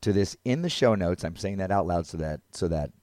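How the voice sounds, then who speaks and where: A man co-hosting a podcast in casual chat, an animated storyteller who laughs often. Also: low-pitched, a little fast, dry recording, studio quality. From North Carolina. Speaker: podcast co-host.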